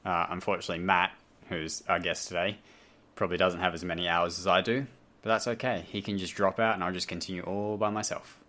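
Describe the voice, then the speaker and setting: Low, bright-voiced man with a light Australian accent. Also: flat delivery, fairly quick. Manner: rambling, self-deprecating, tangents. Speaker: podcast host. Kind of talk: casual chat. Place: home, talking over a voice call.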